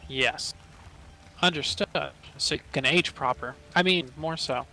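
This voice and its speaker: A man with a bright, fairly high voice joins a role-play session over voice chat. He talks in a playful, teasing way. A faint hiss sits under his voice. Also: unhurried. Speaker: fellow player on voice chat.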